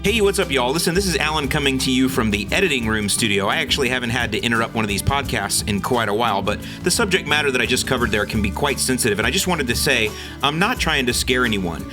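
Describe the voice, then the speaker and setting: A man's voice: mid-range voice, lively intonation, quick pace. A man hosting a podcast, giving earnest, reassuring safety advice in a recorded aside. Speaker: podcast host. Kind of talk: recorded aside over music. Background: music.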